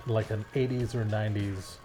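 A man co-hosting a movie podcast with dry, deadpan humor. His voice is on the low side, with faint music underneath. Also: moderate pace. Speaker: podcast co-host. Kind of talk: casual banter.

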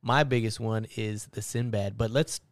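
A man in his thirties hosts a podcast, steering the loose chat and talking to the listeners. His voice is clear and smooth, mid-pitched, heard up close and dry. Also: fairly even intonation, normal speed, no room sound. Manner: steers the talk, addresses listeners. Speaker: podcast host. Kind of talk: casual podcast banter.

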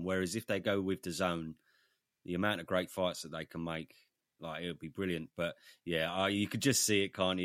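A man's voice: low voice, a bit bright, no echo, clean studio sound. A man hosting a podcast in casual chat, swearing freely as he wraps up the episode. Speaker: podcast host.

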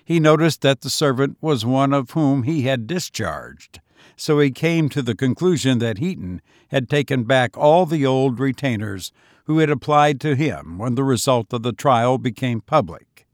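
A man narrating a story in an even, measured reading voice. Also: medium pitch, no echo, studio quality. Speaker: audiobook narrator. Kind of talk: scripted narration.

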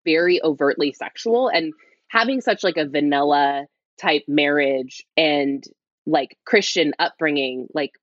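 A woman with a low voice recounts her own story in a candid, hushed half-whisper. She rambles and restarts, leaning on "like" constantly. The audio is dull and lo-fi, with a dry, close sound. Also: unhurried, no echo. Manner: rambling, heavy use of "like", restarts. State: speaking quietly, half-whispering. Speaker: interview guest.

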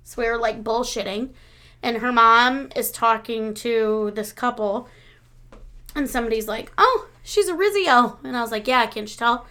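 A woman's voice: fairly high pitch, normal speed. A woman in her thirties co-hosting a casual podcast, telling stories and laughing through them. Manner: laughs through stories, animated when quoting. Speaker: podcast co-host. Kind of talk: casual chat, storytelling.

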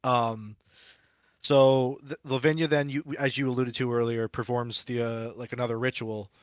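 A man's voice: mid-range voice, flat delivery, normal speed, clear, resonant tone, no room sound. A man hosting a casual film review podcast, loose and profane, steering the walkthrough with fillers. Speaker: podcast host.

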